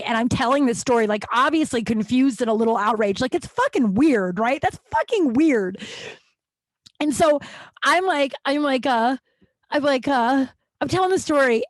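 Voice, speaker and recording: High-voiced woman, dry close sound. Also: animated, normal speed, dry recording. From Denver, USA. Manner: profane, rambling, laughs at her own stories. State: runny nose. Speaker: podcast host. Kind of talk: casual comedic storytelling.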